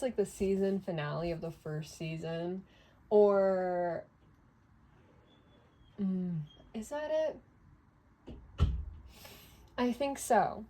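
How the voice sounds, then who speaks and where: A woman's voice: lowish voice, darkish tone. A woman doing a casual tarot reading who talks chattily, laughs often and drifts into asides. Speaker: tarot reader.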